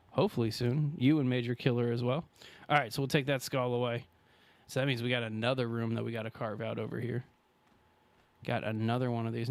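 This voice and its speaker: A man in the middle of his pitch range talks his way through a survival game on a live stream. He is casual and friendly, thanking viewers and reacting to what happens on screen as he builds. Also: darkish tone. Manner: chatty, thanks viewers and talks to chat while playing.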